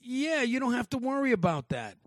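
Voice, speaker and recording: A man's voice: very high-pitched, sing-song, a little fast, no echo. A man co-hosting a podcast in casual chat, loose and swearing, laughing often. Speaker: podcast co-host.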